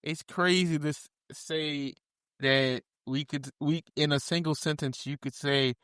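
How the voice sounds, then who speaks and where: Bright, crisp-voiced joking podcaster. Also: mid-range voice, fairly even intonation, measured pace, no room sound, studio quality. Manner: offhand, joking. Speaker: podcast co-host. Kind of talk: casual banter.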